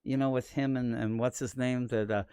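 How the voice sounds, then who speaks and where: An American man co-hosts a comic-book podcast in casual, jokey live-stream chat, sometimes putting on silly high accent voices. His darkish, smooth voice has little pitch movement and a normal speed, recorded with studio quality and no echo.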